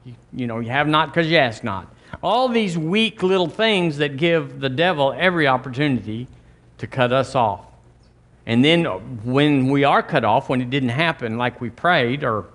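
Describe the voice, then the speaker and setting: A middle-aged man preaching a sermon as pastor, folksy and conversational with quick asides. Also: medium pitch, a bit bright.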